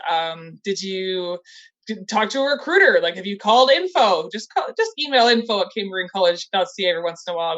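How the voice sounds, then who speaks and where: Over a video call with the highs cut off, a woman with a mid-range, fairly bright voice leads an upbeat training presentation. She's a college recruitment trainer, enthusiastic, encouraging and chatty, often using "like" as a filler.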